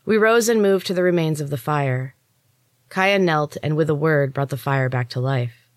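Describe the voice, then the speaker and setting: A woman storyteller and author giving a steady, expressive first-person audiobook reading into a close mic. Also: low voice, normal speed, no echo. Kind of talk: scripted audiobook narration.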